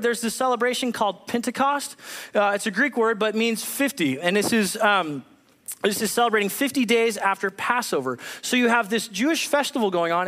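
A pastor preaches with a high, bright-pitched voice that carries through a large church. He throws himself into the story, acting out the voices of the people he reads about. His words ring out with a long echo from the hall. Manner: animated, acts out voices of bible figures. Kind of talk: sermon. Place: church sanctuary.

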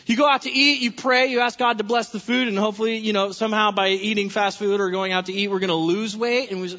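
A male pastor races through his sermon fast, hardly pausing, his voice high, bright, and pointed. In the church sanctuary he spins playful, animated stories and tosses in jokes, all under long hall reverb with a slightly dull, lo-fi sound.

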